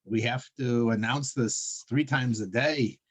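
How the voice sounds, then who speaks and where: A man's voice: mid-range voice, unhurried, breathy edge, low-quality recording. A man teaching a casual religious class over a video call, rambling with many fillers and frequent chuckles.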